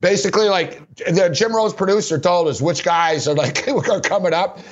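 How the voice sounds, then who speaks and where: Male sports radio host, a bit high-pitched, loose and laughing anecdotes, muffled lo-fi recording. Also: normal speed. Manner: rambling, laughing often, heavy use of "like". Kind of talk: casual anecdotal storytelling. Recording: dull lo-fi recording.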